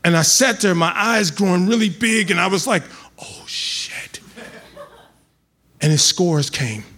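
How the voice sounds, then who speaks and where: A man telling a comic personal story live on stage, building to loud excited outbursts. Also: sits high, normal speed, breathy edge. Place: live venue with audience.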